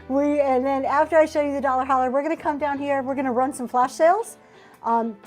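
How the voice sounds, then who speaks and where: This woman hosts a live online auction, chatting loosely and raving about each vintage piece as she holds it up, dropping "um" and "y'all" often. Her voice sits high with a darkish tone, and it plays like a casual livestream sales pitch.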